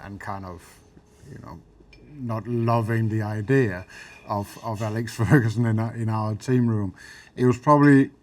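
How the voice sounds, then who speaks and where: Danish man in his fifties, thoughtful and halting in English chat, low pitch. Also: darkish tone. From Denmark. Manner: reflective, hesitant restarts. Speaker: former Ryder Cup captain. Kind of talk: casual dinner chat.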